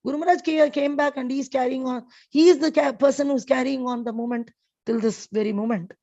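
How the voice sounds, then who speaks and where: High-voiced woman telling a devotional story. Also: steady tone, quick pace, mellow, dull audio. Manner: storytelling with frequent fillers and restarts. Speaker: scripture class speaker. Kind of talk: devotional scripture class.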